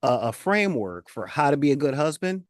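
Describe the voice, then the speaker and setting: A man co-hosting a casual show review, talking loosely and colloquially with frequent chuckles. His voice swings widely in pitch as he jokes along. The recording is dry and close. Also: big pitch swings, fairly quick, dry recording. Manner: laid-back, chuckles often, colloquial. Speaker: podcast co-host.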